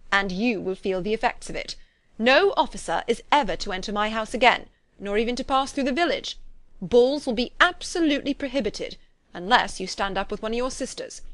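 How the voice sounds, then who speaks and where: A woman voicing a dry, teasing older gentleman who lectures his daughter in a wry, mock-stern way. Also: fairly high pitch, no echo.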